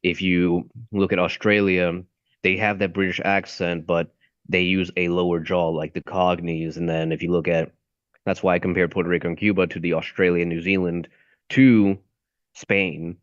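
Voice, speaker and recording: Low-voiced young man on a dull mic. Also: dry recording. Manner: rambling, searching for words. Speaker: aspiring voice actor. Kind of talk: casual stream chat.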